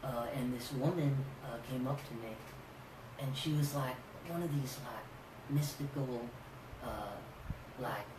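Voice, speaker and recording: Male podcast guest, rambling halting storyteller, distant mic in a roomy space. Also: medium pitch. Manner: rambling, halting, many fillers. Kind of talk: casual comedic storytelling. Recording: echoey room, far from mic, background noise.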